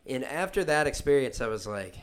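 A man's voice: medium pitch, big pitch swings, fairly quick. A man co-hosting a podcast, hesitantly recounting a trip in casual chat. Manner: hesitant, full of fillers and restarts. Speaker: podcast co-host.

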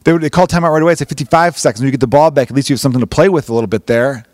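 A man's voice: mid-range voice, very fast, a little mellow, dry recording. A man hosting a podcast, rambling through a casual comedic monologue with plenty of swearing. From Chicago. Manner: rambling, profane, jokey. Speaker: podcast host.

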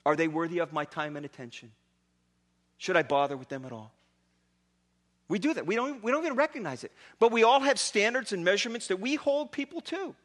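A man preaching a sermon as pastor, retelling stories in an animated, casual way with many asides. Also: high-pitched, fairly quick.

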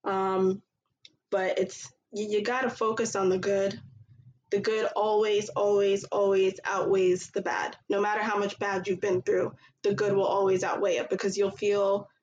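A woman's voice: mid-range voice, flat delivery, moderate pace, darkish tone, lo-fi sound, a little hiss or hum. A woman hosting a podcast, talking earnestly in casual chat with many fillers. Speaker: podcast host.

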